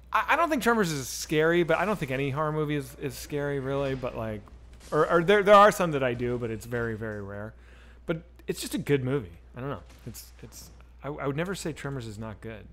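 Animated man chatting on a game stream. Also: mid-range voice, brisk. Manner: loose and profane, talks to chat while playing. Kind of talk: casual gaming livestream chat.

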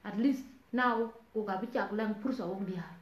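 A woman's voice: medium pitch, normal speed. A South Sudanese woman talking earnestly to viewers in a casual live stream, pleading and switching between languages. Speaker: online talk host. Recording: roomy, dull lo-fi sound.

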